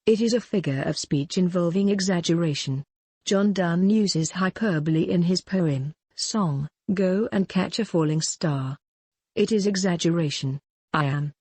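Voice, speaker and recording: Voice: mid-range voice, darkish tone, husky, no room sound. A literature teacher giving a recorded lecture, reading out definitions and then restating each one in plainer words.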